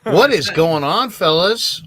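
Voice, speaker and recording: A man's voice: high voice, lively intonation, slow, a bit bright, no room sound. A man joining a casual sports talk show late as a panelist, talking in a loose, joking way.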